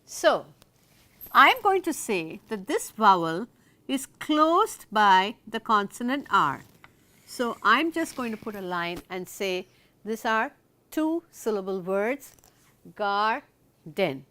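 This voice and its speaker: A woman teaching a recorded lesson in a deliberate, explanatory way. She asks the viewer questions and then answers them herself. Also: medium pitch, big pitch swings, pushed and bright.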